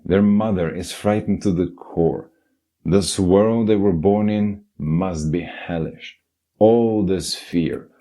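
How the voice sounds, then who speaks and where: A man's voice: sits low, warm tone. A man giving a scripted, earnest self-help narration and speaking directly to the listener.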